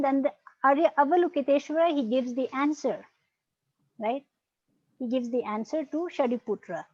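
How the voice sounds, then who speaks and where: A woman's voice: on the high side, darkish tone, dry recording. A woman teaching an online Buddhist philosophy class over a video call, explaining patiently and often checking in with "right?" and "okay". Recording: dull lo-fi video call audio.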